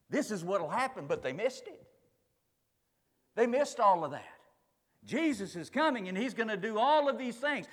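A man's voice: high-pitched, big pitch swings, normal speed, long pauses, big-room sound. A male pastor preaching a sermon emphatically, building through repeated phrases.

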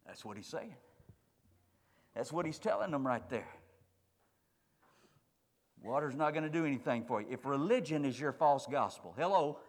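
A man's voice: mid-range voice, expressive, normal speed, pauses often, long reverb tail. A male pastor preaching a sermon emphatically, building through repeated phrases.

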